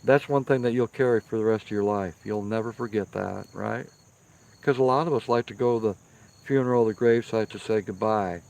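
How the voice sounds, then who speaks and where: A man's voice: on the low side, brisk, vocal fry, darkish tone. Chatty man talking to his viewers. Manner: chatty, emphatic, repeats himself for stress. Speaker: live-stream host reading viewer comments. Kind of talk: casual live-stream chat. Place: outdoors by a firepit.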